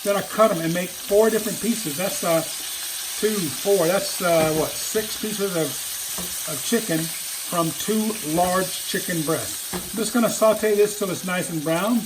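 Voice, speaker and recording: A man's voice: high voice, a little slow. An older man hosting a home cooking show, chatting enthusiastically to viewers as he demonstrates a recipe. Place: home kitchen, frying food. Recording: sizzling frying noise behind. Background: sizzling pan and kitchen sounds.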